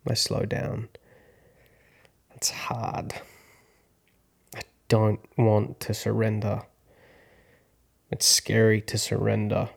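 A man in his thirties, an actor hosting a podcast, telling a personal story in a slow, reflective, hushed way. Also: lowish voice, vocal fry. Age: 30s. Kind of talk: first-person storytelling narration.

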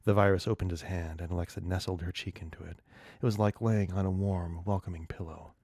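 A man's voice: deep voice, breathy edge, dry recording, clean studio sound. A man co-hosting a podcast, reading an erotic short story aloud for laughs and often breaking up. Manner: slow, lively reading broken by laughing fits. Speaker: podcast co-host. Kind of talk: comic reading of erotic fiction.

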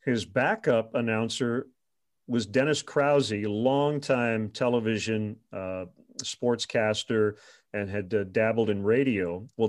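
A former radio sports reporter telling stories in an interview, animated and chuckling often. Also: male voice, on the low side. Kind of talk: storytelling in an interview.

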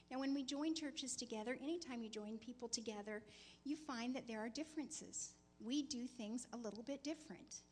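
Woman, high voice, brisk teasing storytelling, faint hum behind. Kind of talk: sermon.

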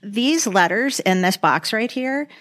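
A woman's voice: a little high, animated, measured pace, fairly bright tone. A middle-aged woman co-hosting a podcast, speaking earnestly in casual chat. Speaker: podcast co-host.

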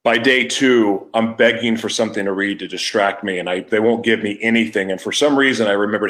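A man's voice: fairly low pitch, brisk, hardly any pauses, fairly bright tone. A man hosting his own podcast, telling a raw personal story in a candid, emotional way, with frequent restarts and trailing thoughts. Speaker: podcast host.

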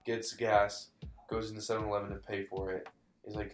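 Young guy telling a creepy story, low-ish voice, keeps fumbling and restarting, roomy echo and faint guitar behind. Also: little pitch movement, a little fast. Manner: rambling, restarts and apologizes, says dude and bro. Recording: echoey room, faint guitar music.

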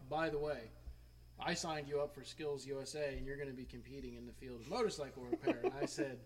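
A man's voice: medium pitch, fast. A man in his thirties co-hosting a casual podcast, wry, laughing often as he tells his story. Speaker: podcast co-host. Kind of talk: casual chat. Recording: faint background noise, early podcast.

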